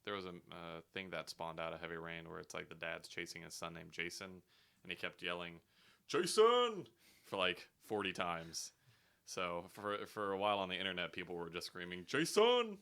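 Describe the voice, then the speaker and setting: A young man hosts a casual gaming chat, laid-back and joking. His voice is very low and gravelly, with a bright, pushed edge on top. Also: flat delivery, fairly quick. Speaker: host.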